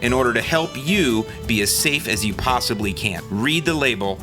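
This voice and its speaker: A man's voice: mid-range voice, lively intonation, normal speed. A man hosting a podcast, giving earnest, reassuring safety advice in a recorded aside. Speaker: podcast host. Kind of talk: recorded aside over music. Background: music.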